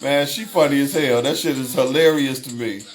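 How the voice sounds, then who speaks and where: A man's voice: medium pitch, steady tone, normal speed, soft background music. A man hosting a casual livestream, reading chat aloud, swearing freely and laughing often. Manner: profane, laughs often, repeats himself.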